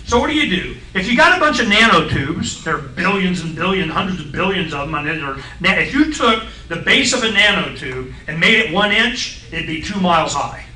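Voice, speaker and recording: A middle-aged man on a radio talk show, explaining science in a blunt, folksy, excitable way and acting out voices in his stories. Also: high voice, brisk, hardly any pauses, echoey room, recorded from a distance, low-quality recording.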